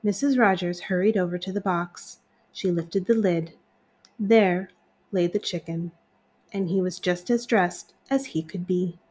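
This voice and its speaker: A woman hosting a children's story podcast, reading aloud in a gentle, expressive way. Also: fairly low pitch, measured pace, slightly rough.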